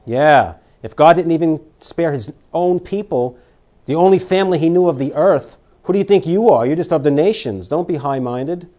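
A man delivers a sermon in a somewhat high-pitched voice. He reads scripture aloud and swings between loud, emphatic declarations and quiet warnings. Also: expressive, normal speed. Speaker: preacher.

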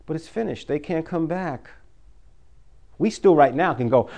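A man's voice: high-pitched, animated, moderate pace, vocal fry, pauses often, darkish tone. A man preaching a sermon, folksy and conversational, reading scripture and pressing his listeners with urgent emphasis.

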